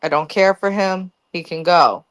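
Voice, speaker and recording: A woman's voice: fairly low pitch, normal speed, highs cut off. Woman, co-host, blunt, dismissive, swears, casual chat. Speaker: podcast co-host. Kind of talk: casual reality TV recap.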